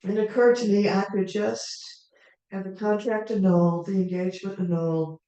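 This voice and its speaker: A woman storyteller telling a tale in the first person as a character, in an unhurried, conversational way with asides to the audience. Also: mid-range voice, steady tone, dark tone, highs cut off. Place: live performance venue. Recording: echoey hall, mic far off.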